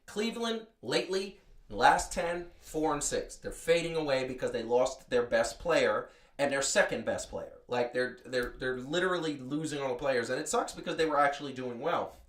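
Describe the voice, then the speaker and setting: Animated man chatting about basketball, roomy sound. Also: mid-range voice. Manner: animated, storytelling, quick restarts. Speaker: podcast co-host. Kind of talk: casual sports chat.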